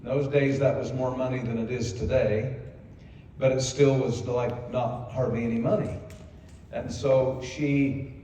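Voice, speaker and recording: An older man, a company co-founder, telling a personal story in a folksy, self-deprecating way, hoarse from speaking. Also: medium pitch, level tone, measured pace, mellow, slight background noise. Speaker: company co-founder giving a convention speech. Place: large convention hall. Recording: echoey hall from far off.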